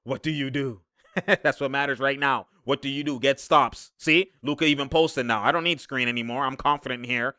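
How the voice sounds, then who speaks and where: Sports commentator, male, bright and clear, excitable and slangy, dry close mic. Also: mid-range voice, normal speed, dry recording. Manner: excitable, laughs often, slangy, shouts at players. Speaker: sports commentator breaking down game film. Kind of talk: casual game breakdown commentary.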